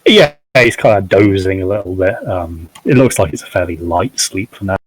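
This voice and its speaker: Low-voiced man hesitantly running a game. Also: lively intonation, slight background noise, poor audio. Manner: halting, many fillers and hedges. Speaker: game master. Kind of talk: narrating a tabletop game.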